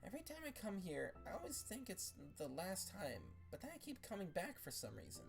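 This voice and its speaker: A woman's voice: mid-range voice, huge pitch swings, gravelly, faint music behind, voice pushed up. A woman voicing a scared, conflicted teenage girl who speaks hesitantly in a read-aloud fan story. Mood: troubled. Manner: halting, hesitant, quietly troubled.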